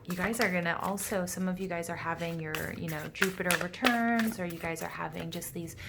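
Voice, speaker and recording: Gravelly, gushing female tarot reader. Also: on the low side, a little fast, very noisy. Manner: gushing, excitable, full of fillers. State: a little out of breath. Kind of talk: casual tarot reading to camera.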